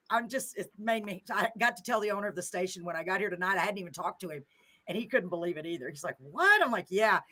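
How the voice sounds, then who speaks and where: A woman's voice: mid-range voice, quick pace, fairly bright tone. An older woman hosts a radio chat show. She talks in an open, emotional way, laughing often and gushing over her guest. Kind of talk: casual chat.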